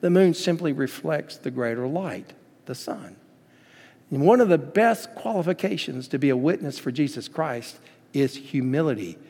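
A man's voice: a little high, expressive, normal speed, mellow, slightly rough, long reverb tail. A man preaching a sermon as pastor, telling stories with emphasis and acting out the quotes he cites.

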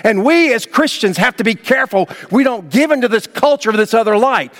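A man's voice: lively intonation, fairly quick, hardly any pauses, a bit bright. Emphatic preacher man in a reverberant hall. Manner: emphatic preaching with sudden rises in pitch and volume. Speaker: pastor. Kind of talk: sermon.

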